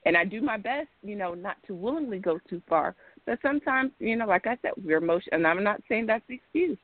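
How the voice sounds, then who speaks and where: A woman's voice: mid-range voice, lively intonation, a little fast, dry recording. A woman calls in over a tinny phone line, talking in a casual discussion. She explains at length, emphatic and rambling, circling back and repeating herself. The room is dry and close. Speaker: caller.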